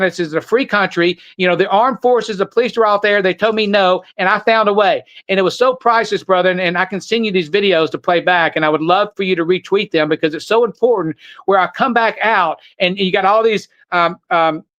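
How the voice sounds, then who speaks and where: A man's voice: high-pitched, fairly bright tone, dull audio. An older man, a podcast guest who talks urgently and keeps stumbling over repeated words. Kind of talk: podcast conversation.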